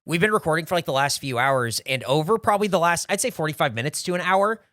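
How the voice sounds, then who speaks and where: A man's voice: on the high side, quick pace, sharp tone, dry recording, studio quality. A man co-hosting a casual podcast, teasing and chatting freely with friends. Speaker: podcast co-host. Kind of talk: casual group chat.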